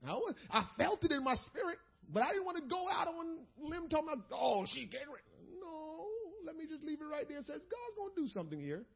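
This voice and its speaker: A male pastor preaching a sermon, moving between loud exhortation and quiet storytelling. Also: extremely high pitch, big pitch swings, fairly quick, gravelly, few pauses, highs cut off.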